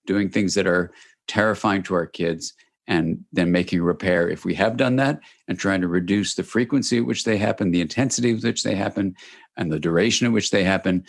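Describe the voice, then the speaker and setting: Male guest expert, lower register, measured and emphatic explanations. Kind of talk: interview answers.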